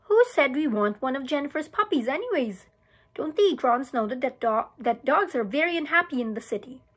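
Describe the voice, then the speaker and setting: A woman teacher reading a children's novel aloud in a steady storytelling manner, with small restarts. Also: sits high, a little fast, breathy edge.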